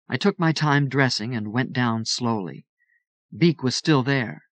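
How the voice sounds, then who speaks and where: A man's voice: medium pitch, measured pace, dry recording. Man reading an audiobook, dry sound. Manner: steady first-person storytelling. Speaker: audiobook narrator.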